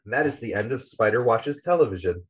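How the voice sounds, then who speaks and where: Man, mid-pitched voice, casual podcast storytelling, rambling with fillers, dull lo-fi sound. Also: animated, fast talker. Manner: rambling, many fillers, acts out quotes. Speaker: podcast co-host recapping a graphic novel. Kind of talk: casual retelling with quoted voices. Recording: slightly dull, lo-fi audio.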